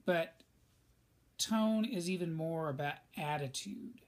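Slow-talking teacher man. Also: fairly high pitch. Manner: conversational, addresses students directly. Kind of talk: recorded classroom lesson.

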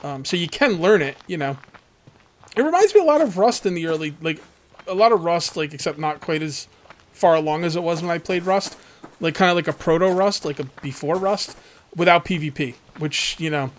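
A man's voice: a little high, expressive, fairly quick. A man hosting a let's play, giving casual, rambling gameplay commentary and talking straight to his viewers.

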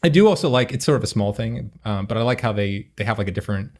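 Quick, animated male podcast host. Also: on the low side. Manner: animated, laughs often. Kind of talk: casual review chat.

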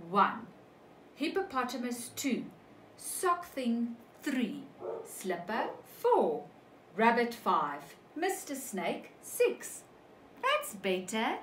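Preschool teacher, woman, slow expressive storybook reading, roomy echoey sound. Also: on the high side, slight background noise. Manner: slow, animated, asks children questions. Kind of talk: reading a picture book to young children.

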